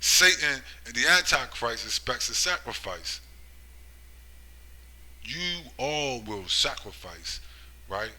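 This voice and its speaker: A man preaching a rambling monologue, asking "right?" and "you see?" again and again, and swinging between loud emphatic bursts and low muttering. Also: very animated, rough recording. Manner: slow, drawn-out scripture reading. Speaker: religious commentator.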